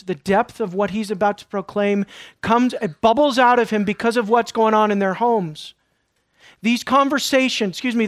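Animated preacher, dry sound. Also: male voice, high voice, no echo. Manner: animated preaching, shifting between hushed and emphatic. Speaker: pastor. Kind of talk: sermon.

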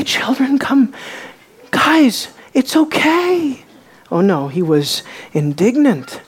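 Slow, emphatic woman preaching a sermon. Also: sits high. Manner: emphatic, rising and dropping to quiet for effect.

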